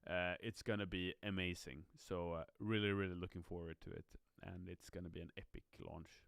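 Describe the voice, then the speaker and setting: A man's voice: sits low, steady tone, fairly quick, vocal fry, a bit bright, clean tone, dry recording, studio quality. A tired, yawning man chatting upbeat on a live stream as a game community manager, reading viewer comments aloud. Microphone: streaming mic.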